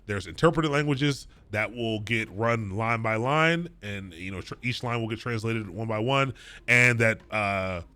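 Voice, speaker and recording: Bright-voiced man teaching code on stream. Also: fairly low pitch, measured pace, smooth, no room sound. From Prince George's County, near Washington DC. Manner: explains step by step, reassuring, answers chat. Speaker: coding bootcamp instructor. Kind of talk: live-streamed lecture.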